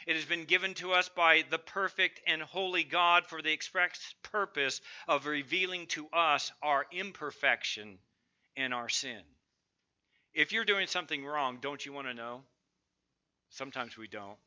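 A man's voice: on the high side, moderate pace, pushed and bright, smooth, muffled recording. A middle-aged man preaching a sermon, emphatic and building lists of strong words. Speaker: pastor.

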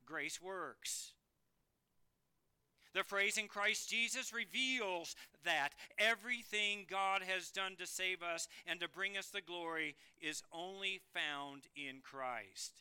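A man preaching a sermon earnestly, swinging between emphatic declarations and hushed, quiet phrases. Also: high-pitched, slow pace, clean tone.

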